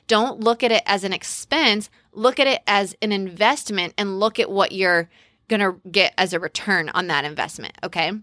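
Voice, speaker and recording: A middle-aged woman talks through business advice in a relaxed, conversational way and keeps turning to her listeners to encourage them. Her voice is bright and clear, and the recording sounds close and dry. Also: medium pitch, no room sound. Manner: encouraging, conversational, addresses listeners as "you guys". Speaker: podcast host. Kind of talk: casual business advice talk.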